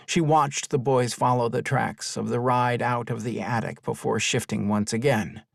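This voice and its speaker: A man narrating a children's fantasy audiobook in an expressive storytelling manner. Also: medium pitch, moderate pace, gravelly, hardly any pauses, no echo, studio quality. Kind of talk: scripted narration.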